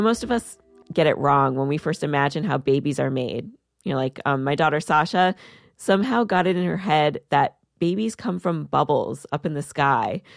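A woman's voice: sits low, creaky, no echo, clean studio sound. A woman hosting a podcast, narrating from a script in a chatty way with a few fillers. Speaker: podcast host.

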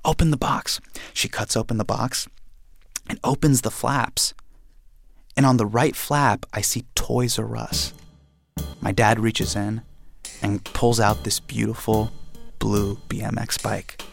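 A young man from India telling a personal story in a lively, animated way, acting out the quotes. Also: fairly low pitch, takes it slowly, gravelly, long pauses, faint music behind.

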